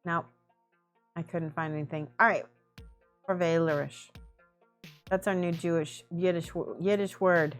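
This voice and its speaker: A woman's voice: lowish voice, steady tone, a little slow, long pauses, soft background music. A woman chatting casually on a livestream while painting miniatures, giggling often and thinking aloud.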